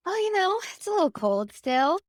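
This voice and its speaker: A woman's voice: extremely high pitch, very animated, moderate pace, dry recording, studio quality. A woman from Canada, a company founder, speaking as a podcast guest in a friendly, easygoing way. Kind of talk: interview.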